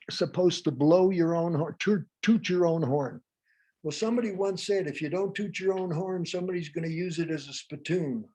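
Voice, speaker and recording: A man with a high voice leads a live workshop. He teaches with humor and keeps coming back to little stories from his own life. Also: darkish tone. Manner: humorous, anecdote-driven teaching. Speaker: workshop presenter.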